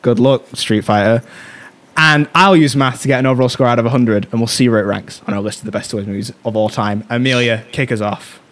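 A man hosts a loose, casual movie podcast with friends. He talks in an animated way, laughing as he walks through favorite lines. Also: medium pitch, brisk. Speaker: podcast host.

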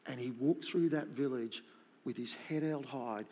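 A man's voice: medium pitch, measured pace, darkish tone, slightly rough. A middle-aged man preaching a sermon, emphatic and repeating his key points. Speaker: pastor.

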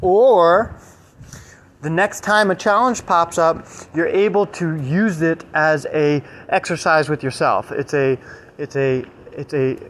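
A man's voice: a little high, slow, fairly bright tone, poor audio. A man giving a casual motivational talk, rambling with many fillers and asking "right?" again and again. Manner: rambling, filler-heavy, keeps checking with "right?". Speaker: self-help speaker.

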